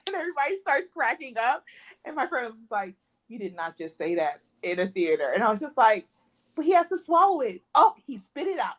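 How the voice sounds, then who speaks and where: A woman with a mid-range, slightly bright voice co-hosts a casual film review podcast. She animatedly walks through scenes, acting out quotes and laughing often.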